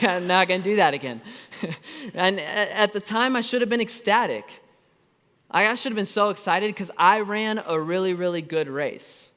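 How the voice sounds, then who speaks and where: A pastor in his thirties with a high voice delivers a storytelling sermon, animated and self-deprecating, breaking into quick asides and restarting his thoughts. A long reverb carries his voice through a church auditorium.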